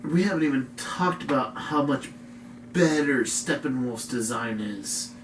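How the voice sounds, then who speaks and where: A podcast co-host chats casually in a room at home, rambling in a laid-back way and filling his speech with "like." His voice is medium-pitched, expressive, and unhurried, recorded with a distant mic in an echoey room with faint noise.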